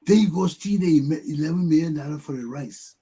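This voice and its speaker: A Liberian man with a high-pitched voice hosts a talk show and rants about the state of his country. He mocks others by echoing their repeated shouts, and his speech is loose and forceful. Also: fairly quick, slightly rough. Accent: Liberian English. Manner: mocks people by mimicking their repeated yelling. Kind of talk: heated talk show commentary.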